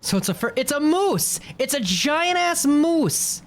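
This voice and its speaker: Male streamer, excitable live gameplay commentary, unhurried delivery with big swoops in pitch. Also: faint music behind. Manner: excitable, yells at the game.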